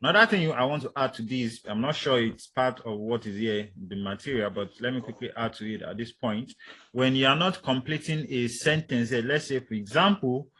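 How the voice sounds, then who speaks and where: A man's voice: mid-range voice, a little fast, sharp tone, slightly rough, poor audio. A male linguistics lecturer giving a university class, explaining with spoken example sentences and frequent hesitations.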